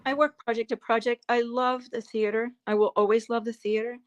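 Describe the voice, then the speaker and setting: A woman in her seventies answering interview questions as a guest actress, telling fond stories with pauses and fillers. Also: a little high, level tone, lo-fi sound. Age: 70s. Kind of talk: interview answers over a livestream.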